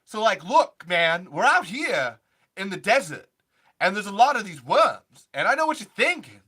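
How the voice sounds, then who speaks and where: A man doing a comic impression of a quirky oddball who rambles with strange, halting phrasing. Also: high-pitched, very animated, bright, forceful tone, husky, heavily acted. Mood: offbeat. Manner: odd halting phrasing, offbeat pauses.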